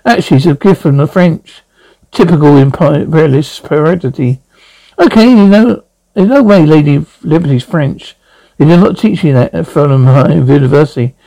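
A man's voice: fairly high pitch, a little fast, gravelly, warm tone, low-quality recording. A man hosting a comedy podcast, recapping scenes in a scattered, jokey way and reading out stage cues. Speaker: podcast host. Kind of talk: comic recap acting out scenes.

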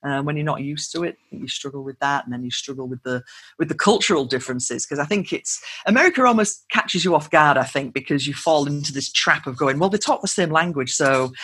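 A woman's voice: low-pitched, a little fast, a bit bright, slightly rough. A woman, a guest chatting casually and laughing often. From northern England. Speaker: podcast guest. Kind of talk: casual interview chat.

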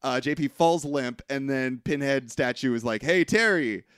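A man's voice: mid-range voice, normal speed, clear, resonant tone, no room sound, clean studio sound. A man co-hosting a podcast, recapping a film in casual chat, swearing freely as he tells the story. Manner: animated storytelling, swearing, mocking voices. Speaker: podcast co-host.

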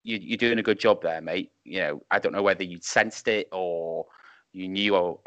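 A man's voice: low-pitched, normal speed, fairly bright tone, no room sound. A man, a wrestling referee guest, telling rambling anecdotes with chuckles over a video call. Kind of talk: casual chat. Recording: muffled Skype call audio.

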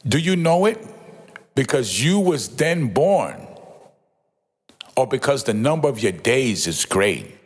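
A man's voice: medium pitch, very animated, slow, pauses often, husky. A man giving an informal, emphatic Bible commentary, often repeating himself and exclaiming in awe. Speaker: Bible teacher.

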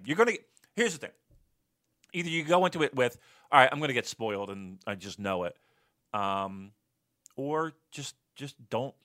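A man co-hosting a podcast in casual chat, animated and profane, breaking into loud rants. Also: mid-range voice. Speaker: podcast co-host.

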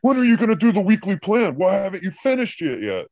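A man's voice: sits high, big pitch swings, fast talker, no echo, lo-fi sound, pitched above the performer's own voice. A man putting on a shrieking, furious boss. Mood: scolding. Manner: yelling, profane berating. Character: furious, screaming male school boss.

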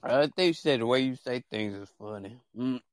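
A man's voice: mid-range voice, normal speed, no echo, clean studio sound. A man hosting a casual chat show, joking and trash-talking in slangy speech straight to his viewers. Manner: animated and joking, with playful trash talk. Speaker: show host.

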